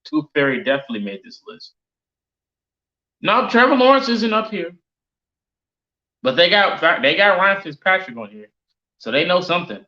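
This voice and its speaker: A man's voice: sits high, sing-song, normal speed, pauses often, pushed and bright. Exasperated male streamer ranting. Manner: exasperated, repetitive, incredulous. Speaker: sports streamer. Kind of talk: live-stream reaction rant. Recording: roomy, dull lo-fi stream audio.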